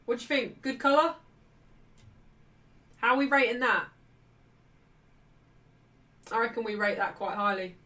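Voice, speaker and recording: A woman's voice: fairly high pitch, unhurried, pauses often. Chatty woman, slightly distant mic. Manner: chatty, cheeky, bursts into excited shouting at refereeing calls. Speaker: streamer hosting a watchalong. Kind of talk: live match watchalong commentary.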